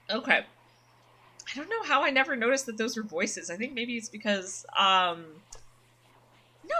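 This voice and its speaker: Lively woman streamer thinking out loud, bright voice. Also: mid-range voice, breathy edge. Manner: thinks aloud, animated and chatty. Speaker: game streamer. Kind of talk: casual let's-play commentary. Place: her own dim room at night.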